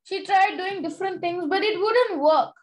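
Very high-voiced girl giving a testimony. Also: normal speed, low-quality recording. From India. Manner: earnest storytelling with frequent fillers and "okay?" checks. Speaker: children's Bible study leader. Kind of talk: sermon-like testimony.

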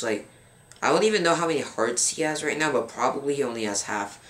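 A young man in his teens giving casual gameplay commentary as a gaming channel host, rambling, filling pauses with um and grumbling at his game. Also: mid-range voice, a bit bright. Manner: frustrated, rambling, fills pauses with um. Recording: roomy with faint background noise.

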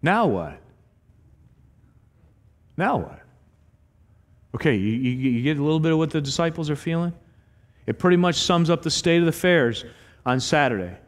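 On the high side and at a normal speed, a middle-aged pastor preaches with long pauses. Set in a church sanctuary with long reverb, his sermon leans on animated stories and acted-out quotes.

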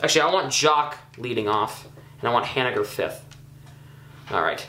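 Excitable young man narrating his gameplay. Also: mid-range voice, moderate pace, roomy sound, slight background noise. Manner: chatty, excitable, self-critical with frequent ums and uhs. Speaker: gaming YouTuber. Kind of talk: casual gameplay commentary.

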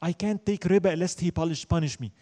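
A man teaching an Islamic studies class, lecturing emphatically, asking and answering his own questions and reciting Arabic verses quickly. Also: fairly high pitch, mellow.

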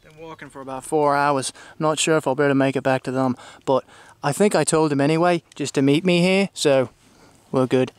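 A man's voice: a little high, steady tone, very slow, long pauses, smooth, no echo. An actor playing a swaggering male wilderness survival TV host who rambles to camera in a put-on showman accent. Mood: rambling. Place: outdoors in the wild.

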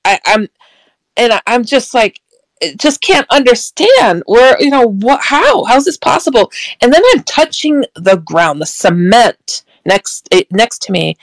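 Animated, gravelly woman telling a story. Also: lowish voice, no echo, low-quality recording. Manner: animated, stutters, laughs often. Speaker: interview guest. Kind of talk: personal storytelling.

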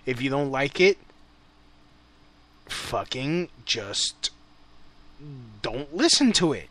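A man's voice: medium pitch, very animated, slow pace, fairly bright tone. A man hosting a call-in show, ranting bluntly in casual, profane talk. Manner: heated, blunt, swears a lot.

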